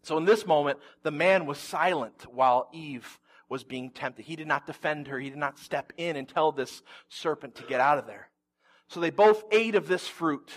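A man preaching a conversational sermon as a pastor, telling the story in an animated way with humorous asides. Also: on the high side.

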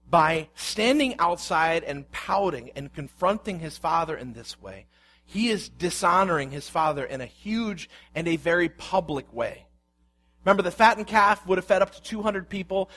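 A man's voice: on the high side, expressive, moderate pace, a bit bright. A man preaching a sermon, reading scripture aloud and explaining it with rhetorical questions. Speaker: pastor.

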